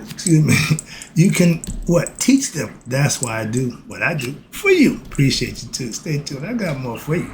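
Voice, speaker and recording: A man with a fairly high voice teaches an informal lesson in a streetwise, preachy way. He swears and laughs, flares into heated rants, then calms himself down. There is faint noise behind him. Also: moderate pace. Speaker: self-styled philosophy teacher. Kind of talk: informal spoken lesson to viewers.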